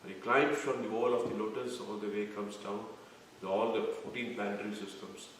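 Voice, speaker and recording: A man's voice: fairly low pitch, fairly even intonation, fairly quick, a little hiss or hum. A man giving a devotional scripture lecture, explaining terms one by one and quizzing his listeners. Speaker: scripture class teacher. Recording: echoey room, mic far off.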